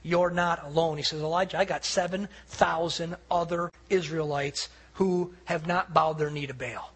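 A male pastor preaching a sermon, telling stories with animated acted-out quotes. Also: on the high side, normal speed, few pauses, husky. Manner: animated storytelling preacher, acting out quoted voices.

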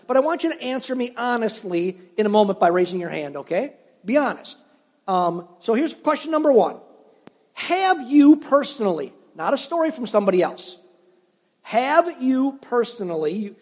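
A man's voice: very high voice, a little mellow. A middle-aged man preaching a sermon as pastor, talking conversationally and telling stories while putting questions to his congregation. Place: church sanctuary. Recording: long hall reverb.

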